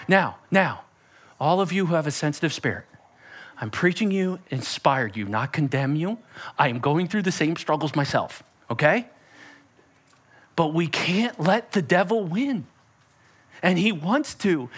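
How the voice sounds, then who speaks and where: A man preaching a sermon as pastor, animated and conversational with a playful edge. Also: high voice.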